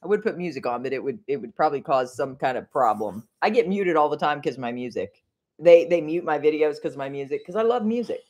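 A woman's voice: deep voice, animated, quick pace, a little mellow. Chatty middle-aged woman livestreaming at home. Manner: chatty, distracted, laughs often. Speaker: livestream host. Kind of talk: rambling faith livestream chat.

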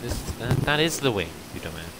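A man's voice: mid-range voice, animated, fairly quick, very noisy. A man in casual gaming voice chat, teasing his friends and repeating silly jokes into a headset mic. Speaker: online game player.

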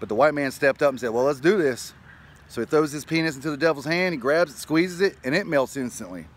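A man telling a joke, switching into quick voices for the characters. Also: fairly high pitch. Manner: animated storytelling with voices. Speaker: joke teller.

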